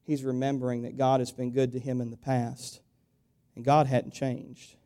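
In a medium-pitched voice that barely shifts in pitch, a pastor preaches to his congregation at a normal speed. He keeps it conversational, throws out rhetorical questions, and lets his volume climb before dropping into a quiet, confiding tone.

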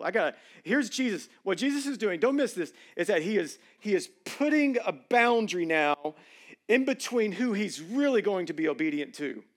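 Male pastor, high voice, casual joking sermon, loud then soft, church stage. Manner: conversational, joking preaching with emphatic swings in loudness.

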